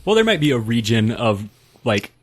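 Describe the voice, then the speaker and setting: A man's voice: medium pitch, sing-song, normal speed. A man from Louisiana co-hosting a casual podcast, dry and playful. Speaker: podcast co-host. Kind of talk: casual chat.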